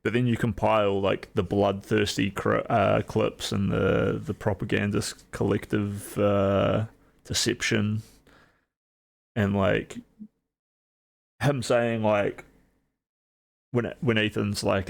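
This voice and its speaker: A man with a New Zealand accent talks in a loose, wry, rambling way, full of fillers. His voice sits a little low with a gravelly, creaky edge. He sounds like a streamer in casual reaction chat. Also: level tone, slow pace, pauses often.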